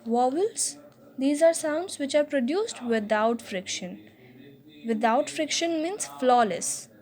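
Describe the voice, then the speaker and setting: A woman teaching a linguistics lesson, explaining slowly and repeating key words, often checking with "okay?". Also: high-pitched, animated, darkish tone. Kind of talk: explaining phonetics at a board.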